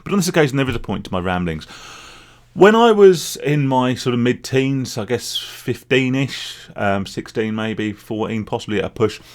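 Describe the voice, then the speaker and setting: Here a man in a reflective solo vlog opens up about his years as a gambling addict, wandering from point to point in a confessional way. He has a mid-range voice with lively intonation and talks at a normal speed.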